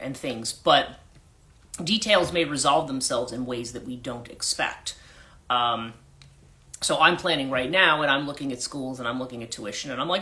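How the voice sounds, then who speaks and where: A woman's voice: rumbling low, sharp tone. A woman from the USA with a mixed central New Jersey and British accent, chatting casually as a life coach on a livestream, rambling with many restarts and fillers. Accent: mix of central New Jersey and British.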